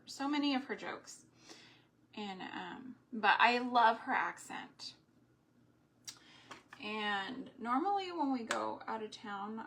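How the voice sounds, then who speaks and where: A woman with a mid-range, slightly bright voice hosts a live homesteading craft stream, drifting into long rambling asides as she works with her hands.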